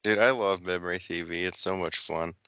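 A man's voice: low-pitched, steady tone, a little fast, bright, forceful tone, dry recording, highs cut off. A young man co-hosting a podcast in casual chat, rambling with lots of filler words. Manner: rambling, heavy filler words, laughs often. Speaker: podcast co-host.

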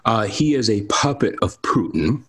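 A man's voice: lowish voice, expressive, moderate pace, a bit bright, slightly rough. A man giving emphatic commentary on politics in a lecturing, insistent manner. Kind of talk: political discussion.

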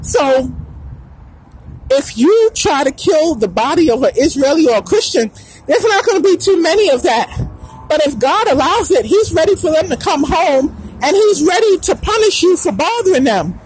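A female podcast host with a high, bright voice delivers a preachy monologue at normal speed, her pitch swinging widely as she hammers her points home. She emphatically repeats lines and slips into bits of song, over poor audio with slight background noise.

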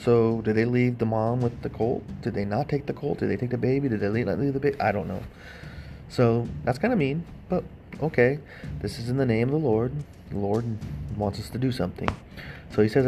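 A man's voice: medium pitch, fairly quick, gravelly, warm tone, a little hiss or hum. A man giving sarcastic, casual commentary on a bible story, thinking aloud and asking wry questions.

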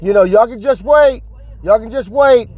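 A man imitating a loud, defiant male shopper who announces he won't wait in line. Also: extremely high pitch, normal speed, no echo, pitched above the performer's own voice. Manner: loud, proclaiming to a crowd.

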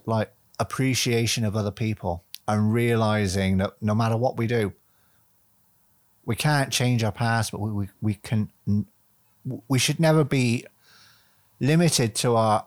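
A man's voice: lowish voice, measured pace, no room sound, clean studio sound. A man hosting a solo podcast, rambling and chatty, swearing casually and making fun of himself. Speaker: podcast host.

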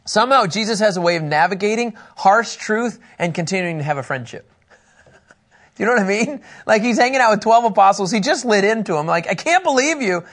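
A man with a high voice teaches a Bible lesson in a room. He is animated and joking, acts out little scenes and talks with the people there. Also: brisk.

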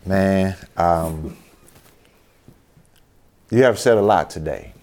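A man hosting a faith podcast, thanking his guest in a halting way with many fillers. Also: sits low, darkish tone. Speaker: podcast host. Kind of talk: casual interview talk.

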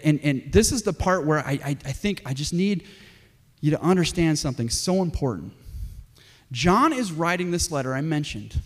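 A male pastor preaching with an emphatic, animated delivery. His fairly high voice leaps up and drops low, and he moves between forceful declarations and near-whispered lines. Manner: emphatic, swings from loud to hushed. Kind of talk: sermon.

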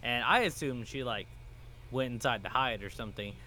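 A man casually explaining a movie scene, relaxed, often trailing off and restarting words. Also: medium pitch, normal speed, slight background noise. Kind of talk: casual movie recap chat.

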